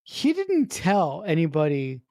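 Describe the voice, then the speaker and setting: A woman's voice: sits low, huge pitch swings, measured pace, mellow, no room sound. Woman podcast co-host, emphatic ranter who swears for punch, dry close sound. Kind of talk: casual film review chat.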